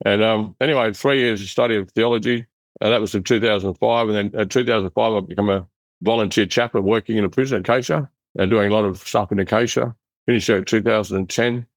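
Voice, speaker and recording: A middle-aged Australian man telling his life story in an interview, in a rough, blunt, animated way, acting out the voices of people he quotes. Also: fairly low pitch, fast talker, no room sound. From Western Australia. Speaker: interview guest. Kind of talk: casual storytelling.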